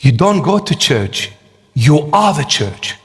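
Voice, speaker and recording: A male preacher delivers a sermon slowly and deliberately, pressing his points with rhetorical questions. His voice sits fairly high for a man, and a long reverb trails each phrase as if he stands in a large church hall. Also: sing-song. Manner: slow, emphatic, rhetorical questions.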